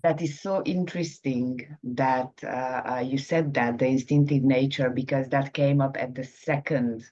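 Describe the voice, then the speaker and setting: A woman in a coaching group, sharing her experience haltingly with many fillers. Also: a bass voice, fairly even intonation, warm tone, dull audio. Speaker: coaching participant. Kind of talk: reflective sharing.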